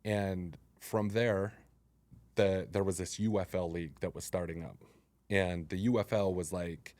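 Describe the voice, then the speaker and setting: Man in his 40s, really low voice, tells it casual, does all the quotes, dry close sound. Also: a little slow, no echo. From Utah, United States. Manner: animated, acts out quoted dialogue. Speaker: interview guest, former football player. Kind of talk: casual storytelling.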